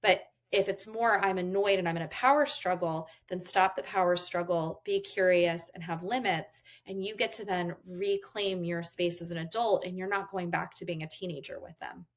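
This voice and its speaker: A woman's voice: on the low side, fairly even intonation, normal speed, hardly any pauses. A woman therapist giving parenting advice in an interview, explaining step by step and acting out what a parent and child might say. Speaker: therapist guest.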